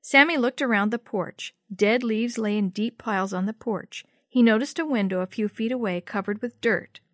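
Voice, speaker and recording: A woman's voice: a little high, normal speed, a bit bright, dry recording, studio quality. Woman reading a children's story aloud. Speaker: narrator. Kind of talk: storybook read-aloud narration.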